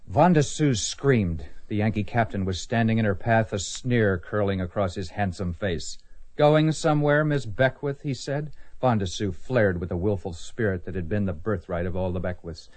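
An actor playing a greedy, smooth-talking young man, speaking in an eager, persuasive way in a soap opera. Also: lowish voice, normal speed, darkish tone, no echo, lightly acted. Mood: reading aloud.

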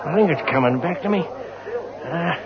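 A rambling old boozy Aussie hack. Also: male voice, a little high, expressive, unhurried, lo-fi sound, crowd noise. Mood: muddled. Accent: Australian. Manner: rambling, forgetful drawl. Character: old boozy Australian journalist, muddled and rambling.

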